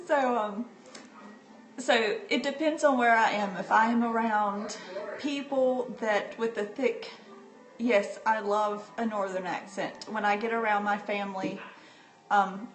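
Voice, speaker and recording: A woman from North Carolina chatting casually with livestream viewers from home on a handheld phone, often laughing as she talks. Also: mid-range voice. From North Carolina, USA. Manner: chatty and unhurried, laughs often while talking. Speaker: livestream host. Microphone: phone or tablet held by the speaker. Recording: roomy livestream phone audio.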